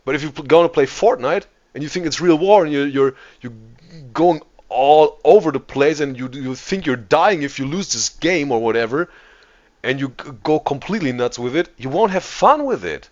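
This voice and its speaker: A man's voice: a little high, expressive, normal speed. Male host, casual reaction commentary, stammers and restarts a lot, dull lo-fi recording. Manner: repeats and restarts words often.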